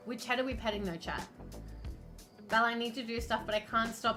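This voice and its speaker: A woman's voice: mid-range voice, a little slow, pauses often, over music. A woman streamer playing a visual novel, reading the game text aloud and chatting playfully with her viewers. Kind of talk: let's play with read-aloud narration.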